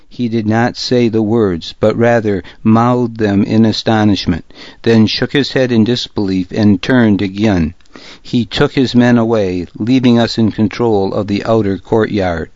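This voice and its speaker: Low, slow, grave male narrator. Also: fairly even intonation, darkish tone, no echo. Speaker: audiobook narrator. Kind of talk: first-person scripted narration. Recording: dull lo-fi audiobook recording.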